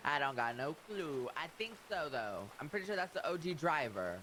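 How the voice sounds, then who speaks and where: A man's voice: a little high, big pitch swings, moderate pace, bright, forceful tone, a little hiss or hum, rough recording. A man in a police roleplay, bantering and teasing in a joking way.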